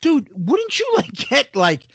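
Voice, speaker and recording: A man's voice: very high voice, wildly swooping pitch, slow, fairly bright tone, husky, no echo. A man co-hosting a podcast in casual chat, telling a crude college story with lots of swearing and laughter. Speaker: podcast co-host.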